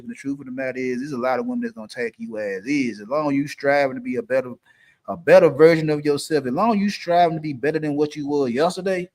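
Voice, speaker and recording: A man's voice: fairly high pitch, fast talker. Blunt preachy man giving dating advice. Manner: blunt, preachy, repeats his points. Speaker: livestream host. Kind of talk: live-stream dating advice talk.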